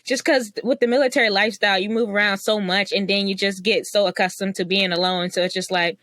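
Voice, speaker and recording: A woman's voice: medium pitch, fairly even intonation, quick pace, a bit bright, no room sound. Host, woman, casual and affirming, dry close mic. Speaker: podcast host. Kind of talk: casual chat.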